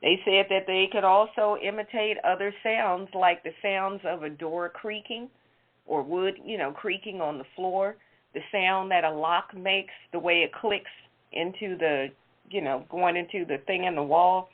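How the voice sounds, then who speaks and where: A woman's voice: lowish voice, steady tone, measured pace. A woman co-hosting a casual talk show, telling an odd news story in a chatty, amused way. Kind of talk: casual chat, reading weird news. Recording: tinny phone-like line.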